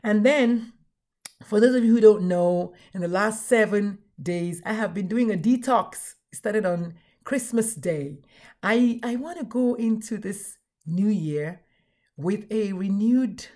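Woman host, casual live chat, enthusiastic, warm mellow voice. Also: medium pitch. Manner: bubbly, repetitive, enthusiastic. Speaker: podcast host.

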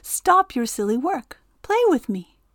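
A woman voicing a high, gleeful wind spirit. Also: big pitch swings, measured pace, dry recording, clean studio sound. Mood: teasing. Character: playful childlike wind spirit, mischievous.

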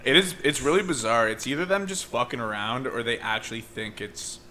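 A man's voice: medium pitch, a little fast, pushed and bright, slight background noise. A young man co-hosting a podcast, enthusiastic and casually profane. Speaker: podcast co-host. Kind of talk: casual chat.

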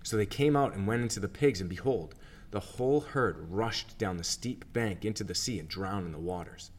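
A man reading scripture aloud for a church reading plan, in a steady, measured narration. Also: lowish voice, slight background noise. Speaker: scripture reader.

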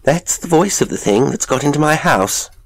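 A man voicing a nervous, disgusted professor in a horror audiobook reading, speaking with a high, agitated edge. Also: lively intonation, unhurried, gravelly, a little hiss or hum.

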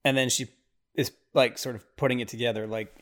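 Male podcast host, mid-pitched voice, chatty watch-along commentary, rambles and reacts with exasperated bursts. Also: steady tone, fairly quick, fairly bright tone.

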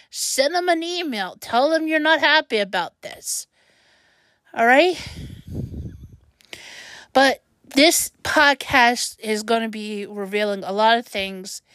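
A woman hosts a personal podcast monologue, her slightly high, fairly bright voice recorded dry. Upset and near tears, she rambles emotionally and trips over her words.

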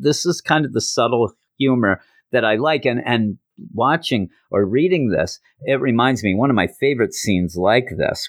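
A man's voice: on the low side, no room sound, clean studio sound. A man hosting a comic book podcast, recapping animatedly and acting out characters. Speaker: podcast host.

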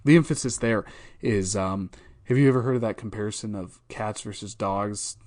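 A man's voice: on the low side, normal speed, darkish tone. A man hosting a podcast, talking through a Bible verse in a casual, thoughtful way, with frequent fillers and restarts. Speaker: podcast host.

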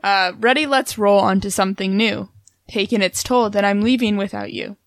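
A woman's voice: mid-range voice, moderate pace, dry recording. A young woman co-hosting a podcast, chatting casually about song lyrics in a dry, matter-of-fact, teasing way. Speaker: podcast co-host.

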